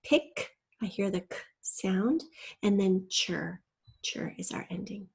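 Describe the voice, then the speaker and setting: Slow, husky-voiced woman teacher. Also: mid-range voice, steady tone, darkish tone. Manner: slow, patient, spelling out letters. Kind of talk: spelling lesson narration.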